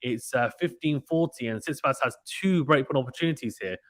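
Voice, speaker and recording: A man's voice: medium pitch, a little fast, no room sound. Chatty man commentating tennis live. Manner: chatty, excitable, uses British slang. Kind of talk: casual live play-by-play commentary reading chat.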